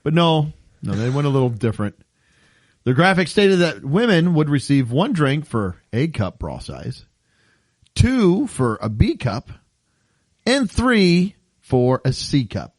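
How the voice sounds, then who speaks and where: A man's voice: fairly high pitch, wildly swooping pitch, a little slow, dry recording. A man co-hosting a comedy podcast, reading odd news stories aloud and joking about them with frequent laughs. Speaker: podcast co-host. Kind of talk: casual comedy podcast chat.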